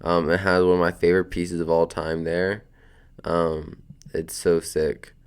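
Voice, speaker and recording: A drowsy young man hosts his podcast from a beanbag at home, his deep voice grainy with vocal fry yet smooth and resonant. He rambles in a relaxed, slangy way, swearing casually as his thoughts drift. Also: a little slow. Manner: laid-back, slangy, meandering, cursing. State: sleepy, just woken up. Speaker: podcast host.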